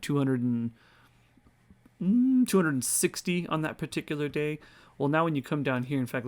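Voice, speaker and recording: A man's voice: mid-range voice, darkish tone. A tired man talks through his screen in a loose, rambling way, reading figures aloud as he goes. His voice sits in an ordinary middle range, and he yawns his way through the walkthrough. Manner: rambling, thinks aloud, reads numbers off screen. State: tired, yawning. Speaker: crypto video host. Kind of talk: casual screen-share walkthrough.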